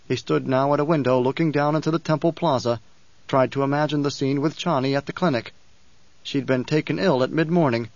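A man narrating an audiobook in a measured, dramatic reading. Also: a little high, no room sound, lo-fi sound.

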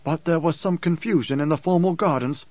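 A man's voice: on the high side, a little fast, dry recording, lo-fi sound, pitched above the performer's own voice, natural voice. A male audiobook reader voicing a fervent, fawning male courtier who speaks with wary devotion. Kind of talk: audiobook character voice.

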